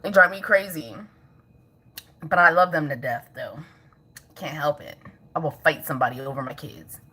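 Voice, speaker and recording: A woman's voice: low voice, normal speed, bright, forceful tone, breathy edge. A woman vlogging casually at home as a mother, chatting with viewers, laughing often and scolding her toddler in between.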